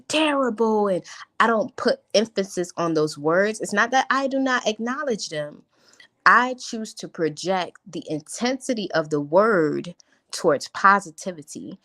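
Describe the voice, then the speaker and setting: A young adult woman coaching on a live stream, talking in an animated way and leaning hard on positive words. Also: lowish voice. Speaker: life coach.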